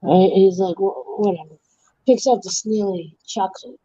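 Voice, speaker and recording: A livestream host tells lengthy jokes in a casual way, her mid-range voice warm and slightly rough at normal speed. The audio is dull with no echo. She loses her thread, starts over, fixes details mid-story and cracks up at her own punchlines.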